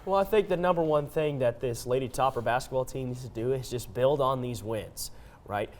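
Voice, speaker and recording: A man's voice: mid-range voice, a little fast, a little hiss or hum. Chatty young male sports analyst. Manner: energetic, chatty, joking, with restarts.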